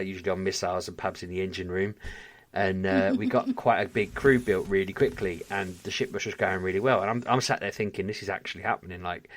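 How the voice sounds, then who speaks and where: A man co-hosting a podcast, telling a story in casual chat with animated energy and frequent laughter. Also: low voice. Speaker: podcast co-host.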